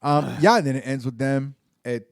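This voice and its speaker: A man's voice: medium pitch, normal speed, vocal fry, smooth, no room sound, studio quality. A man co-hosting a podcast in casual chat, easygoing, often restarting his sentences. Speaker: podcast co-host.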